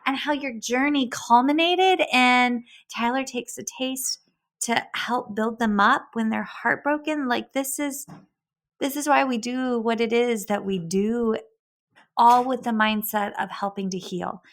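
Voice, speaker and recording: Her voice is a little high and a little slow. She's in her thirties, hosting a casual interview podcast at her kitchen table, full of giggles and effusive enthusiasm.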